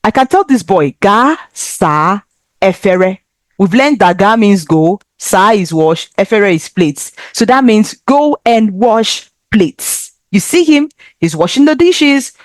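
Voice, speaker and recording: A woman teaching a children's language lesson, speaking slowly and with careful, encouraging enunciation. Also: medium pitch, no room sound, clean studio sound.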